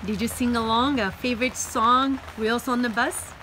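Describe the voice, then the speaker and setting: A woman's voice: a little high, steady tone, moderate pace, pushed and bright, poor audio. A woman teaching young children in a sing-song, encouraging way, indoors on a rainy day. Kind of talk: sing-along lesson for young kids. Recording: rain noise in background.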